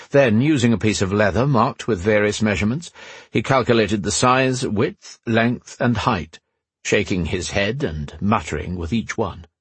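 A man reading a fantasy novel aloud as audiobook narrator, in a steady, measured way. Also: on the low side, breathy edge, no echo.

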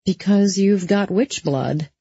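A woman voicing a sharp-tongued, sarcastic young woman in an audiobook. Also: mid-range voice, slow pace, breathy edge, no echo. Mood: wry. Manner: sarcastic, snappy. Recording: slightly dull lo-fi.

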